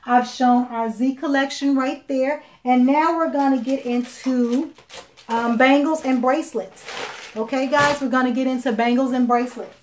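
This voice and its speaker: A woman's voice: sits high, fairly even intonation, moderate pace. A woman from Chicago selling jewelry on a live video, chatting casually with many fillers and restarts. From Chicago, Illinois. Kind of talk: live sales stream.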